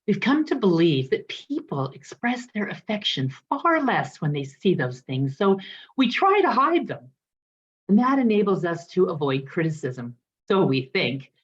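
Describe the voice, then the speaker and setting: A woman minister telling a story as part of her sermon, in an expressive storytelling manner. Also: sits low. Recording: dull lo-fi recording.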